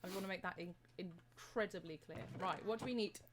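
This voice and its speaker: A woman's voice: fairly low pitch, brisk, a little hiss or hum. Chatty woman streamer. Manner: chatty, laughing storyteller. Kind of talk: casual chat on a live stream.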